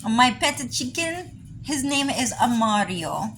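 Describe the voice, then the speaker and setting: A woman's voice: fairly high pitch, expressive, slow pace, a bit bright, faint music behind. A woman putting on a boastful, cartoonish mock-Italian man with an exaggerated, sing-song caricature accent.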